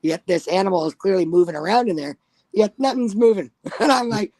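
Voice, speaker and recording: A woman's voice: medium pitch, lively intonation, a little fast, mellow, no echo. A woman telling a spooky personal story in casual chat, blunt and profane. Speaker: guest storyteller.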